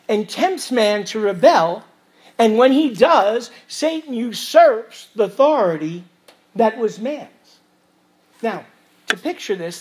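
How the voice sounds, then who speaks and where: A man preaches an expository sermon as pastor, reading scripture aloud and swinging between loud emphasis and quiet asides. His voice is high and slightly rough.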